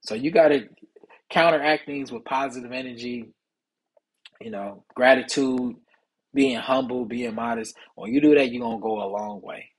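A young man hosting a solo podcast, talking casually and preachily about men's mental health in streetwise slang, with a husky voice. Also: medium pitch, rough recording. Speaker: podcast host.

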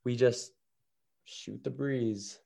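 Gravelly-voiced joking podcast co-host man. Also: mid-range voice, steady tone, extremely slow. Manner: jokey, rambling, drops to a hush. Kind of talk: casual sports podcast banter.

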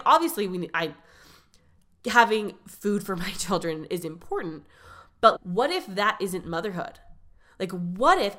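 A woman's voice: medium pitch, fairly bright tone. Candid chatty woman telling her story. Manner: candid, chatty, self-interrupting. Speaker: podcast host. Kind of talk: personal storytelling monologue.

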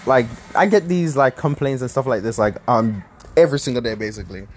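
A young man casually telling a story to his viewers, animated, laughing often and restarting his sentences. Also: medium pitch, fairly quick, husky. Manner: animated, laughing, self-correcting. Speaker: vlogger.

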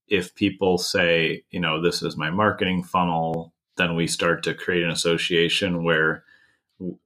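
A man's voice: low-pitched, sharp tone. A man from the United States explaining a marketing idea in a conversational podcast, with many restarts. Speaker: marketing consultant.

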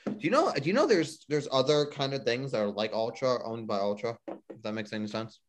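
Guy cohosting a music podcast, rambly, says like constantly, average pitch. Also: animated, brisk, slight background noise. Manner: rambling, heavy use of "like". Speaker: podcast co-host. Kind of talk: casual chat.

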